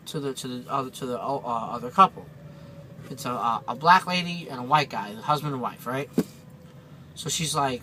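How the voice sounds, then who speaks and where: A man's voice: mid-range voice, animated, moderate pace, pushed and bright, a little hiss or hum, poor audio. A man, a truck driver, telling a story in a casual vlog, rambling and chatty with lots of fillers and restarts.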